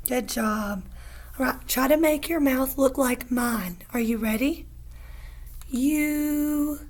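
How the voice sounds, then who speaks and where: A woman teaching a phonics lesson to young learners, patient and encouraging, stretching out each sound slowly. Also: fairly high pitch.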